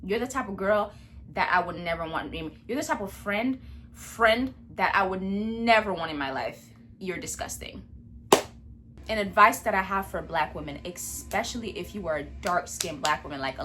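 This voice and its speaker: A woman vlogger speaks in a bright, mid-pitched voice. Her commentary is a blunt, profane and animated rant. She is recording indoors in a room at home.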